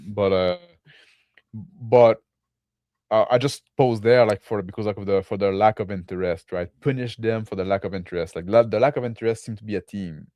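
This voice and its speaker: A man's voice: lowish voice, a little fast, warm tone, no room sound. A man co-hosting a casual chat, rambling with lots of "like" and "right?" as he reacts to a video. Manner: rambling, filler-heavy, with frequent "like" and "right?". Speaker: podcast co-host.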